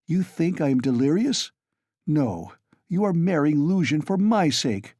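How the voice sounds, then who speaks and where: A male narrator voicing an overwrought young man whose speech comes in agitated, insistent bursts. His pitch sits well above the reader's own and swings widely. The sound is dry and close. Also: very animated, measured pace, darkish tone, dry recording. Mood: irritable.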